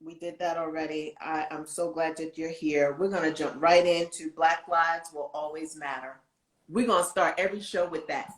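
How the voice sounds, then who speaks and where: A woman's voice: deep voice, normal speed. Chatty woman co-host in an echoey room. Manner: chatty, animated recounting. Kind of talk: casual talk show chat.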